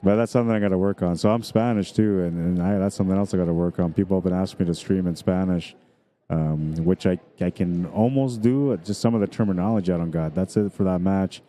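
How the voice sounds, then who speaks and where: Casting: laid-back male pool streamer, low, mellow voice, chatty with viewers in a pool hall. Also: quick pace. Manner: chatty, easygoing, talks directly to viewers. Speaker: pool tournament streamer and commentator. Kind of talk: casual live-stream commentary.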